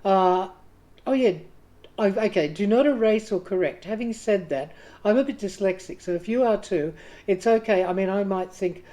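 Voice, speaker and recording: A woman's voice: medium pitch, normal speed, mellow. A woman hosting a writing group, talking casually and chattily to the camera with self-deprecating asides. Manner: chatty, self-deprecating, acts out quoted inner voices.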